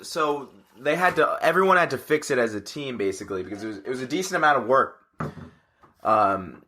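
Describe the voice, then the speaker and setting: A man's voice: medium pitch, lively intonation, a little fast, sharp tone, slight background noise. A man in his twenties, co-hosting a casual podcast chat, telling rambling stories with restarts and laughs. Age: 20s. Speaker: podcast co-host.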